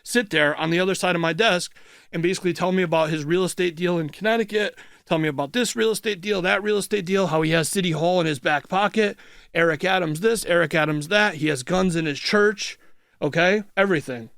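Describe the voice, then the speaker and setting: A man with a fairly high voice, a guest in a radio studio. He tells his story bluntly in short, punchy bursts and swears freely. The sound is dry and close, with no room echo. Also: gravelly, a bit bright. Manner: blunt, swears freely, retells events in quick clipped phrases. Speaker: interview guest. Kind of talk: casual storytelling. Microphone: studio microphone.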